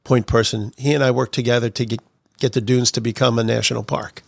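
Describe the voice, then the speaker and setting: A man's voice: medium pitch, flat delivery, fairly quick, vocal fry, no echo, studio quality. A man telling political anecdotes as a podcast guest, chuckling through his stories. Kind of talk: storytelling interview.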